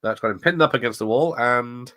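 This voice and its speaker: A middle-aged man hosts a watch party, reading the chat and offering casual live commentary. He laughs often and drifts into asides, speaking a little fast at medium pitch with a sharp tone on a dry recording.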